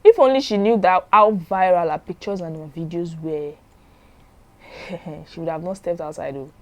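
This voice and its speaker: A woman's voice: fairly low pitch, moderate pace. A young woman, narrating a drama story in a chatty way and commenting on it as she goes.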